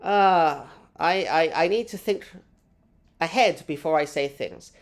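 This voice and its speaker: A woman hosting a live gameplay stream, chatting with her audience in a rambling, self-mocking way. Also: low-pitched. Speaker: gaming streamer.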